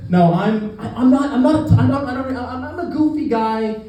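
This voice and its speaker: A man's voice: very high voice, normal speed. Goofy, rambling man doing stand-up in an echoey club. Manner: goofy, rambling, self-deprecating, lots of fillers and restarts. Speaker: stand-up comedian. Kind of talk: live stand-up comedy set. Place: comedy club stage with live audience. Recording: echoey club from far off with audience. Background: crowd laughter.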